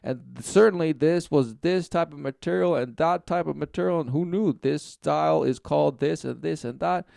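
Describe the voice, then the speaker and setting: A man's voice: fairly high pitch, normal speed, vocal fry, hardly any pauses, a little mellow, dry recording, studio quality. A man voicing a smug male know-it-all who lectures dismissively and rattles off lists. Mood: condescending.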